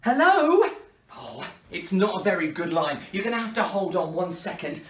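A man's voice: high-pitched, animated, a little fast, slight background noise. A man hosting a children's party show, talking to the kids in a playful, mock-dramatic way. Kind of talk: kids' party performance. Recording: roomy, from a distance.

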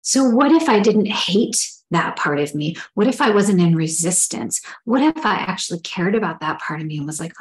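A woman's voice: mid-range voice, expressive, normal speed, few pauses, poor audio. A middle-aged woman giving a spoken spiritual teaching in an earnest, reflective way, sometimes acting out inner dialogue.

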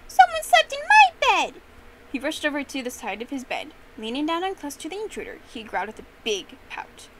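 A young woman telling a memorized story with expressive, animated narration. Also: high-pitched, quick pace, hardly any pauses, slight background noise, poor audio. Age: young adult.

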